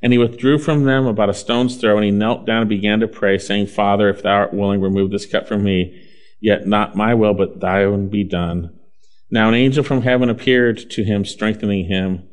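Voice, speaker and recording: Earnest male preacher, hushed then emphatic. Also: fairly low pitch, fairly even intonation. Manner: earnest, swings between loud emphasis and slow hushed phrases. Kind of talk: sermon with scripture reading.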